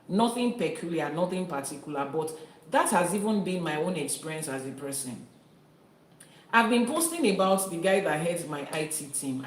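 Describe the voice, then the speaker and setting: A woman from Nigeria hosting a live-stream teaching, talking earnestly and emphatically to her viewers and reading their comments. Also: fairly low pitch. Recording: echoey room.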